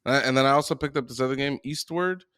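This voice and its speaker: A man's voice: medium pitch, quick pace, a bit bright, smooth, dry recording, studio quality. Laid-back, foul-mouthed podcast guy. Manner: laid-back, profane, rambling. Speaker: podcast co-host. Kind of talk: casual chat.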